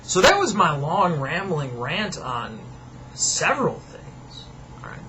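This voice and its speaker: A man's voice: a little high, sing-song, slow, very noisy. A young man at home delivering an angry, profane, sarcastic rant to his viewers. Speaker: vlogger. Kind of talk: profane ranting monologue.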